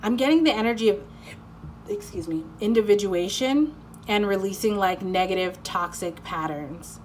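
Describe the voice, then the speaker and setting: Woman doing a tarot reading, middle pitch, rambly, says like a lot, swears, keeps saying sorry, faint bit of room noise. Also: moderate pace, darkish tone. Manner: rambling, lots of "like", self-interrupting; swears casually and apologizes often. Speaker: tarot card reader. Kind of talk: casual channeled tarot reading.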